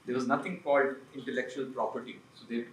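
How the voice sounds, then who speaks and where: A man's voice: mid-range voice, steady tone, fast, roomy sound, recorded from a distance, a little hiss or hum, rough recording. A man who leads an investment firm gives a seminar talk in a punchy, conversational way, often throwing rhetorical questions at the audience. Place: seminar room.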